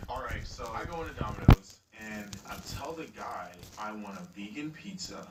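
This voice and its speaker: Young man, casual vlog storytelling, low voice, rambling and profane, noisy echoey room. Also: measured pace. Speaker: vlogger. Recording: roomy echo, far from mic, noisy.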